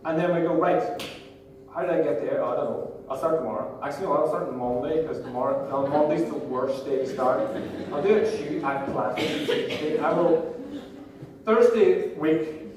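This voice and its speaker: A man in his thirties from Northern Ireland, speaking with a local accent in a voice on the high side at normal speed, gives a playful, jokey live seminar talk as a motivational speaker, directing the crowd. It was recorded from far off in a large echoey hall with background noise.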